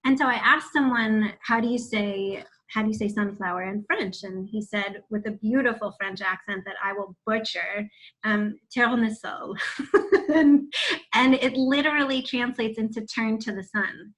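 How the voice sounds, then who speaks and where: A woman's voice: medium pitch, fairly even intonation, normal speed, a bit bright, low-quality recording. A woman in her forties, a guest on a video-call interview, telling her story candidly with casual swearing and laughter. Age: 40s. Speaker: guest, founder of a wellness center.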